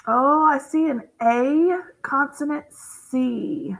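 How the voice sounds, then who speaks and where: Bright, gravelly-voiced woman teaching slowly. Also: high-pitched, low-quality recording. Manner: encouraging, gasps with delight at new rules; thinks aloud while coding words. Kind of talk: phonics lesson for young children.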